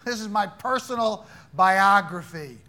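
A man with a high, ringing voice leads a Bible class, firing questions at the room. His tone is bright and forceful, and he teases wrong answers with playful mock-gravity. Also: expressive, measured pace. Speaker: Bible study teacher.

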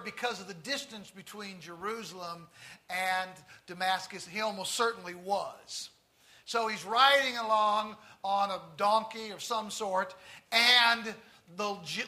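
A man with a Tennessee accent preaching a sermon, stressing key words slowly and turning to the congregation with folksy asides. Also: high voice, pushed and bright. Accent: Southern US, Tennessee.

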